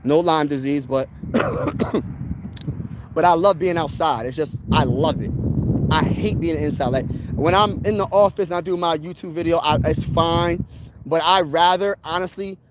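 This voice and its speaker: A young man hosting a sports channel, chatting casually on a livestream while walking a trail outdoors, slangy and animated. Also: a little high.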